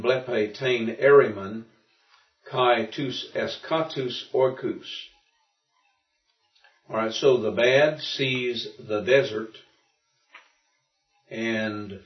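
A low-voiced man teaching Greek and walking through the grammar patiently, often restarting his sentences. The recording is muffled and echoey. It was picked up from across the room. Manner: thinks aloud with frequent restarts, explaining patiently. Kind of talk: informal classroom lesson. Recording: muffled and roomy, from far off.

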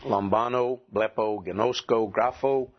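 A man teaching a classroom lesson, asking his students questions and clearing his throat now and then. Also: lowish voice, slow, slight background noise. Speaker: Greek teacher. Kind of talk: classroom lecture. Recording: dull lo-fi classroom recording.

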